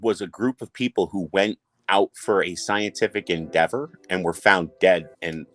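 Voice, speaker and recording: Low-voiced man telling a story. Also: normal speed. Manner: animated, acts out quoted voices. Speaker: panel guest. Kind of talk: casual storytelling.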